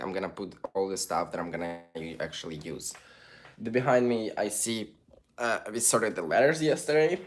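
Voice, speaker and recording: A young man with a Ukrainian accent hosts a relaxed livestream, reading viewer greetings aloud. His voice sits low, and his phrasing is loose and non-native. He keeps up a steady stream of casual chat. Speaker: livestream host.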